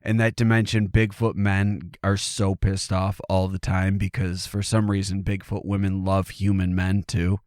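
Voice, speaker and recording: A man's voice: low voice, little pitch movement, moderate pace, hardly any pauses, a little mellow, dry recording. A man co-hosting a podcast, chatting casually and joking around, laughing often. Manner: joking, laughs often, puts on silly voices. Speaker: podcast co-host. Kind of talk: casual comedic chat.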